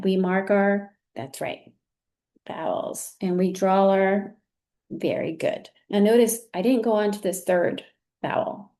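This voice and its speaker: Female teacher trainer, mellow and patient, encouraging classroom delivery. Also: medium pitch. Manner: patient, encouraging, with frequent "very good". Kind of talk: recorded teaching demonstration.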